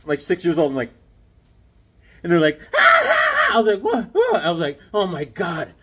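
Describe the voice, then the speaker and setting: A man's voice: a little high, fairly quick, shouting, a little hiss or hum. A middle-aged man vlogging about comic books in a rambling, casual way, often acting out the voices of people in his stories.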